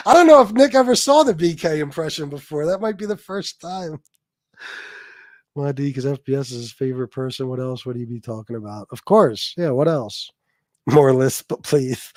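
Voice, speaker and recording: Hosting a casual livestream, a man reads donations and trades jabs with viewers, profane and mocking yet laid-back between rants. His mid-range voice is lively, fairly quick and darkish. The sound is clean studio audio with no room sound.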